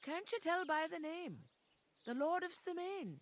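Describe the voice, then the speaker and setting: A blunt Yorkshire tavern keeper. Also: female voice, very high voice, expressive, a little slow. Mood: matter-of-fact. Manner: blunt, gossipy, folksy. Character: brusque village tavern woman, practical.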